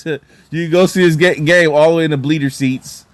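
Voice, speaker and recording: A man chatting casually about basketball as a vlogger, animated and excitable, with lots of fillers and repeated words. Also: a little high, a little fast, no room sound. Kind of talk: casual sports talk.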